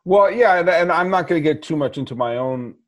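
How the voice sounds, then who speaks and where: A man hosting a sports podcast, talking through a film in a rambling, animated way with many restarts. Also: on the high side, fairly quick. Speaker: podcast host. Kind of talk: casual movie chat.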